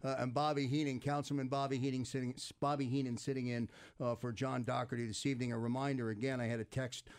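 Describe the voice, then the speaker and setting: A male talk radio host moves briskly through sponsor messages and event announcements. His delivery is upbeat and practiced, and his voice sits in the middle pitch range. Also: flat delivery.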